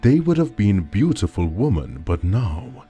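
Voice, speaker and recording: A man narrating a dark horror story in a slow, dramatic storytelling style. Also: on the low side, sing-song. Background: faint background music.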